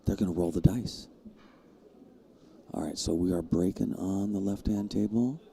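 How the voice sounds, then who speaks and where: A man's voice: normal speed, a little hiss or hum. A man commentating a live pool match with a jokey, self-mocking manner. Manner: jokey, self-mocking, jumps to high excited bursts.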